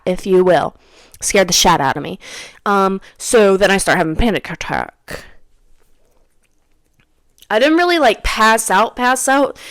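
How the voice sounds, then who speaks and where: A woman's voice: medium pitch, smooth, no room sound, studio quality. A young woman hosting a podcast, telling a personal story in a casual, rambling way and often repeating her own phrases. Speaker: podcast host.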